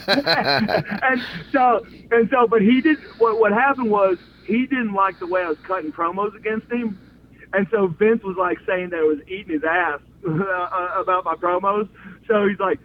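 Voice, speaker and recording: Male interview guest, lively storyteller, higher pitch, phone-line audio. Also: measured pace, slight background noise. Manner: animated storyteller, acts out quotes, laughs often. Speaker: interview guest, former wrestler.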